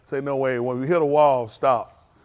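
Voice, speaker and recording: A man's voice: mid-range voice, fairly even intonation, moderate pace, a little mellow. A man, leading a congregation and greeting livestream viewers by name in a joking, teasing, casual way. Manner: joking, teasing, calls out names.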